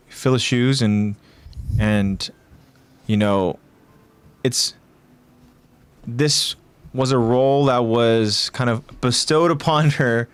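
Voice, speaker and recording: A man co-hosting a casual podcast discussion, animated, putting on raised voices for quoted lines and thinking aloud with fillers and restarts. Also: mid-range voice, clear, resonant tone. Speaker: podcast co-host.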